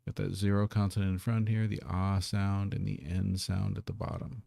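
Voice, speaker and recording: A man teaching a live online Korean lesson, patiently explaining and sounding out syllables slowly. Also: low voice, monotone, gravelly, warm tone, dry recording.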